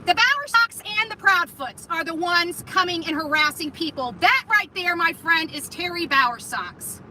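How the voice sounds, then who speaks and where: Woman, high squeaky voice a bit off-mic, confrontational and mocking. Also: lively intonation, normal speed, far from the mic, background noise. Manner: taunting, profane, repetitive. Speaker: self-filming confronter. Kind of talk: heated phone-filmed confrontation.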